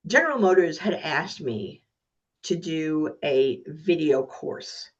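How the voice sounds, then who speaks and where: Low and slow, a woman's voice comes through dull audio as she guests on a podcast interview. She tells stories energetically, acting out the voices of the people in them.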